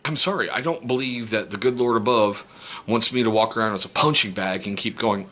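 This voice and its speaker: A middle-aged step-parent vlogger, angry and holding himself back, talking through a painful family situation in a personal monologue. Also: male voice, fairly low pitch, a little fast. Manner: seething, restrained, voice cracking into sharp outbursts.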